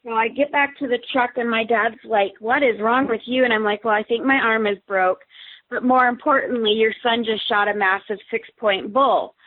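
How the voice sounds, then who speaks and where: This woman's fairly high voice moves at an ordinary speed, recorded through a phone with a tinny sound. Guesting in a relaxed conversation, she recounts a story with energy, performing the quoted dialogue herself.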